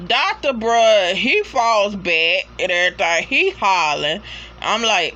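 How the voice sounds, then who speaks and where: A woman talks through a TV episode in a loose, slangy, profane way, jumping into the characters' reactions as she goes. Her voice is bright and swings widely in pitch, though she takes her time. A faint background hum sits under the home recording. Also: measured pace, highs cut off. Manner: animated storyteller, slangy and profane, acts out reactions. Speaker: TV episode reviewer. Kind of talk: casual recap with profanity.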